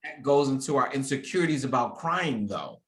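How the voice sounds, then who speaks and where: A man's voice: mid-range voice, lively intonation, fairly quick, a bit bright, roomy sound, poor audio. A man in his thirties hosting a casual conversation, talking candidly and reflectively and often restarting his sentences. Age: 30s. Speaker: podcast host.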